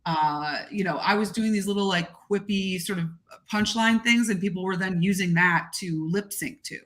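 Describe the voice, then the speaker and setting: A gregarious, expressive woman talking casually as a podcast guest. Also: medium pitch, moderate pace. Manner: gregarious, animated, expressive talker. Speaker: guest content creator.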